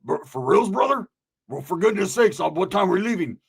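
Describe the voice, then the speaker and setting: Brief: man doing a broke, whiny pal, gravelly and hurried. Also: sits high, lively intonation, pitched above the performer's own voice, exaggerated voice. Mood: wary. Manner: whiny, keeps calling the listener brother.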